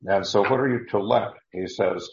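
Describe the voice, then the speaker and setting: Low male Bible teacher, deliberate and halting, in a roomy, muffled recording. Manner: deliberate, with frequent fillers and repeated words.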